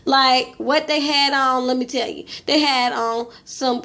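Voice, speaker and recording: A woman's voice: high-pitched, steady tone, measured pace, pushed and bright. A young woman casually recapping a reality show episode, opinionated and chatty, peppered with "you know" and slang. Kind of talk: casual gossipy episode review.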